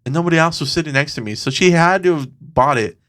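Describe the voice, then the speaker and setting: A man's voice: fairly high pitch, lively intonation, fast, fairly bright tone. A man co-hosting a podcast, telling a story in casual chat, swearing a lot and acting out the voices of the people in it. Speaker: podcast co-host.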